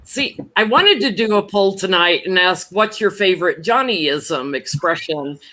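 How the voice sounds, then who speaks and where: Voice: mid-range voice, lively intonation, unhurried, pushed and bright. A tarot reader hosting a casual livestream chat, chatty and giggling along.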